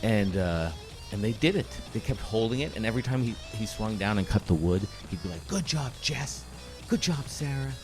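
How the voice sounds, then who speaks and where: A man with a very low voice tells a meandering, swear-laden story to his co-host. Music plays clearly behind him throughout the casual podcast chat. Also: lively intonation, a little fast. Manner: rambling profane storytelling. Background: music playing.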